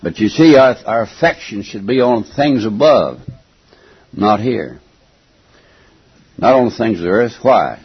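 An older man preaches a folksy, emphatic sermon in a low, gravelly voice with a husky edge. He clears his throat often and goes back over his words. The recording sounds dull and lo-fi. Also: lively intonation, a little slow.

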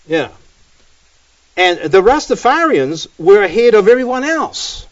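A man's voice: high-pitched, very animated, a little slow. A man preaching a sermon, telling stories casually and often dropping "man" and "you know.". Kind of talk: sermon with storytelling. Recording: dull, distant recording.

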